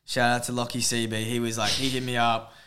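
A man on a podcast, telling a story in a relaxed, rambling way. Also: mid-range voice, brisk, background noise. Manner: relaxed, rambling, lots of fillers. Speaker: podcast co-host. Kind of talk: casual storytelling chat.

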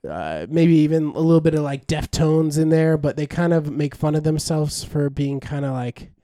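A man's voice: a little high, lively intonation, normal speed, warm tone, no echo, clean studio sound. A young man co-hosting a podcast, chatting casually and enthusiastically, rambling with fillers and restarts. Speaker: podcast co-host. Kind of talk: casual chat.

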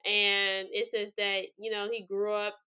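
Bright-voiced tearful woman podcast host. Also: mid-range voice, flat delivery, measured pace, clean tone. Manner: rambling, many fillers, choked up. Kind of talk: emotional true-crime podcast talk.

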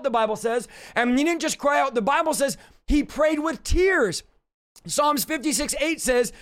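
A man preaching a sermon in a loud, impassioned way. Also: very high voice.

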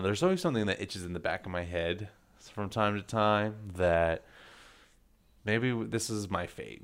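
A man with a very deep voice co-hosting a casual podcast, musing aloud in a rambling, hesitant way full of fillers. His tone is smooth and clear. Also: a bit bright. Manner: rambling, hesitant, many fillers like "like" and "you know". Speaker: podcast co-host.

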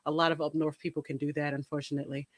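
A woman's voice: low-pitched, little pitch movement, rapid-fire, dry recording, studio quality. A woman hosting a casual podcast chat, dropping short interjections and sassy teasing remarks. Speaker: podcast host.

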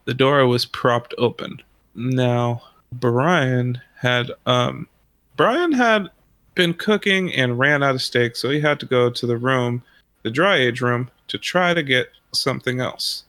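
A man's voice: medium pitch, measured pace, a bit bright, dry recording. A man telling a long story in a casual, rambling way, swearing often and laughing as he goes. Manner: rambling, profane, laughs through his story.

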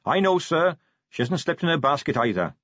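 An eager young watch captain, keen and dutiful, brightly reassuring his superior, as a male reader puts him on. The voice sits high with a husky edge, on a dull, dry recording. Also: very animated, brisk, dry recording. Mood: earnest.

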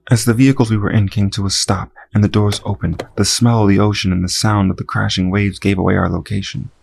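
A man's voice: fairly low pitch, level tone, fast, gravelly, a little mellow, slight background noise. A man reading a first-person audiobook narration with dry, wry asides.

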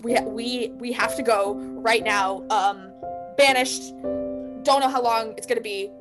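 A woman's voice: a little high, steady tone, a little slow, music in the background, close to an everyday voice. A woman voicing a desperate, devoted rescuer who speaks frantically and urgently, repeating words. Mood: frantic.

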